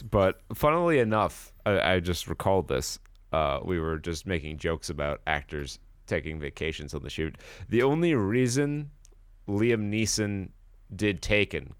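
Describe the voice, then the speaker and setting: Low-voiced podcast guy, jokey, laughs a lot, dry close sound. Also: animated, normal speed, no room sound. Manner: joking, laughs often. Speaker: podcast co-host. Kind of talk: casual banter.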